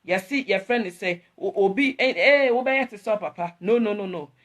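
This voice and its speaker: A woman's voice: medium pitch, a little fast. A woman, hosting an emotional live talk to her viewers, rambling and repeating herself as she switches between English and Twi. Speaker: online host talking to viewers.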